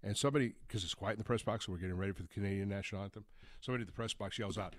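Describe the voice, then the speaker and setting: A man's voice: on the low side, rapid-fire, no echo. A man hosting a sports call-in radio show, talking in a rambling, stop-start way with chuckling asides. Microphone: studio mic.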